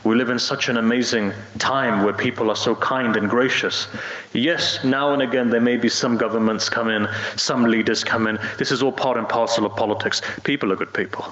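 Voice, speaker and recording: A man's voice: medium pitch, steady tone, a little fast, fairly bright tone. Earnest man preaching in a roomy hall. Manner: earnest storytelling, rising and dropping emphasis. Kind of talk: sermon. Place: mosque hall. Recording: roomy, dull hall recording.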